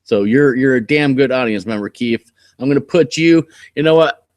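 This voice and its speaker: A man's voice: mid-range voice, normal speed, no echo. A man from Oregon hosting a casual live stream, chatty and rambling as he thinks aloud. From Oregon, USA. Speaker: host.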